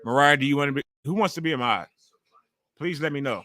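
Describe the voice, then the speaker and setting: Host type: man in his forties, loud and chatty, bright, forceful tone, swears freely while reacting to wrestling live. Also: on the high side, fast talker, no echo. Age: 40s. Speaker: livestream host. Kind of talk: casual live wrestling watch-along commentary.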